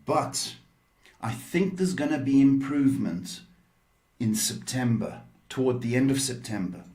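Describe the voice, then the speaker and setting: A man's voice: medium pitch, a little slow, darkish tone. A man hosting a live psychic tarot stream, chatty and teasing, calling listeners babe as he gives readings. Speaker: psychic tarot reader and host. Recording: echoey room.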